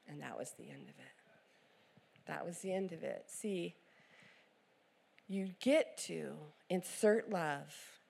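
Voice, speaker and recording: A woman's voice: low voice, creaky, a little mellow, breathy edge. A middle-aged woman preacher, telling a story in a sermon and acting out the voices of the people in it.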